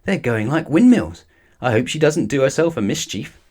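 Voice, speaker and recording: A man's voice: mid-range voice, very animated, moderate pace, darkish tone, slightly rough, pitched above the performer's own voice. A man reading a storybook voices a fretful young girl with a worried manner.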